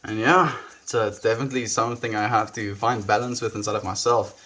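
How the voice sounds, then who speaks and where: A young South African man chatting softly and reflectively with viewers on a live stream, often trailing off with "you know". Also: on the low side, fairly even intonation, fairly quick, a little hiss or hum. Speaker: livestreamer. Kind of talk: casual live-stream chat.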